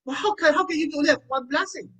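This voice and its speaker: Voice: high voice, normal speed, bright, forceful tone, pitched above the performer's own voice, low-quality recording. A preacher voicing Esau, a grown man pleading indignantly with his father for a blessing.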